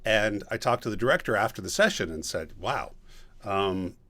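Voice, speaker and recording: A man, a guest voice actor and voice director, answering a question on a video call in a relaxed storytelling way, pausing with ums and clearing his throat. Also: fairly low pitch.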